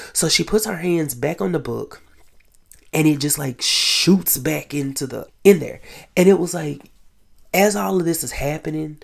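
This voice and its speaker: Gravelly man recapping a TV episode. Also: a little high. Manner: animated storytelling with quick whispered asides and laughter. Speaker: podcast host.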